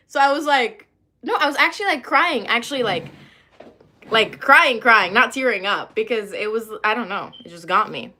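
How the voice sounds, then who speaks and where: A woman's voice: on the high side, lively intonation, normal speed, bright, forceful tone. A young woman from Lebanon chatting on a livestream, rambling and losing her train of thought as she reads comments aloud. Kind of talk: casual livestream chat, reading comments.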